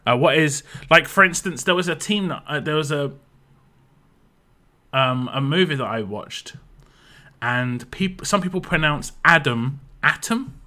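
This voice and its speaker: Chatty British man, bright voice. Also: a little high, lively intonation, measured pace, long pauses. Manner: rambling, answers chat questions, frequent fillers and restarts. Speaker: game streamer. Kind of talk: casual live-stream commentary.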